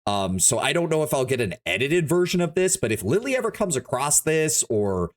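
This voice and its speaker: A man's voice: fairly high pitch, sing-song, a little fast. A man chatting casually on a live stream, reacting and thinking aloud in a rambling way, with frequent restarts. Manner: swears freely.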